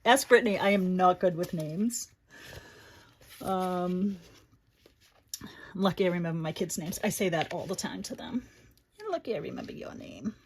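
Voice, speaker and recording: A woman's voice: on the low side, moderate pace, long pauses, slight background noise. A middle-aged woman hosting a chatty livestream craft tutorial, reading viewer comments aloud between steps. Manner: chatty, warm toward her daughter and viewers, reads chat aloud.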